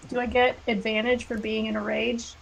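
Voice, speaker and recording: A woman playing in a tabletop game, calmly stating what her character does. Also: fairly high pitch, moderate pace, creaky, slight background noise, low-quality recording. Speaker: player. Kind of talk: casual tabletop play.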